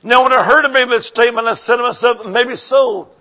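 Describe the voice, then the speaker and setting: Male preacher, high bright voice, slow rhythmic sermon with call-outs to the congregation. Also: flat delivery. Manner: rhythmic, repeating phrases, calls to the congregation.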